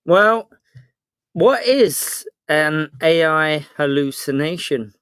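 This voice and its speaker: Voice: mid-range voice, expressive, takes it slowly, fairly bright tone, clean tone, no echo, studio quality. A panelist on a livestream who teases the others in casual chat.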